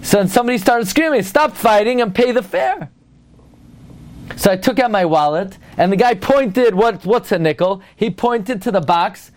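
A man with a high-pitched voice delivers a lively Torah lecture. He speaks emphatically, turns to his listeners with pointed rhetorical questions, and weaves Hebrew and Yiddish terms into his English as he tells a story. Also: moderate pace, hardly any pauses. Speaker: rabbi teaching Torah.

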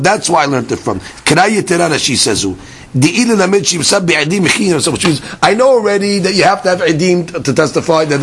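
Male Talmud teacher, higher voice, animated lecture, faint hiss behind. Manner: animated explaining, mixing Hebrew-Aramaic terms into English, repeats words.

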